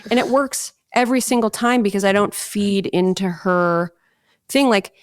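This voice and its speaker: An actress in her thirties from Long Island, New York, guests on a gaming podcast in a casual interview chat. She speaks at normal speed with a medium pitch, bluntly, candidly and emphatically, saying "like" a lot. The recording is studio quality with no room sound.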